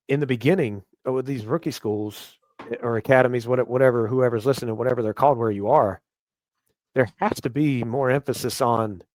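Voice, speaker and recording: A man from the United States, a guest on a podcast who trains police officers, explaining his views in an earnest, measured way. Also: medium pitch, a little mellow, dry recording. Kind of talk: casual podcast interview.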